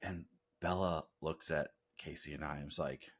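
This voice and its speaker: Casting note: a low-pitched man co-hosting a podcast, chatty and self-deprecating. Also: normal speed. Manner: animated, self-deprecating storytelling. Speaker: podcast co-host. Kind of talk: casual chat.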